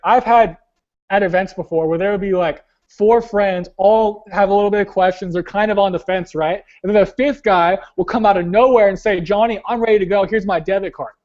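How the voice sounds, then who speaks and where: A man's voice: high voice, a little mellow, muffled recording. A young man leading a weekly team call, giving blunt, slangy motivational coaching and talking straight to his team. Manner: blunt, casual, slangy, keeps saying "guys". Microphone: webinar call.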